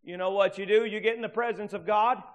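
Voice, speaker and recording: A man preaching a sermon as pastor, swinging between loud fervent bursts and hushed passages. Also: high-pitched, steady tone, quick pace.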